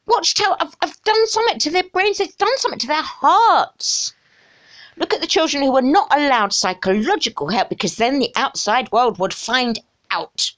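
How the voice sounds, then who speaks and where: A woman's voice: high voice, fairly bright tone. A middle-aged woman delivering an emotional, exasperated rant to camera, with sighs and mocking asides. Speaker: vlogger.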